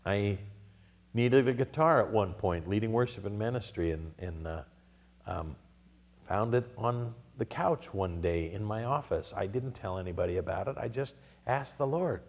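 A man's voice: lowish voice, moderate pace, big-room sound. Storytelling male pastor preaching. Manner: storytelling with acted-out quotes, building to emphatic peaks. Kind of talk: sermon.

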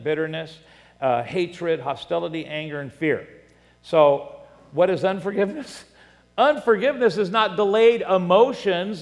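A man preaching a sermon as pastor, animated, acting out voices and reading scripture aloud. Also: on the high side, vocal fry. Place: church sanctuary. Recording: long reverb in a large hall.

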